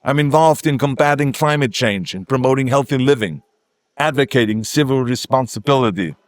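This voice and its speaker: A man's voice: medium pitch, fairly quick, dry recording. An older man with a German accent, a native German speaker, giving an emphatic ceremonial speech with self-mocking humor. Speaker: guest speaker. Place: outdoor ceremony.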